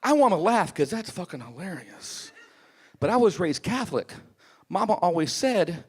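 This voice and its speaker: A man's voice: high-pitched, moderate pace, slightly rough. A man doing a stand-up comedy set on a club stage, telling crude stories with lots of swearing. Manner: profane, animated storytelling.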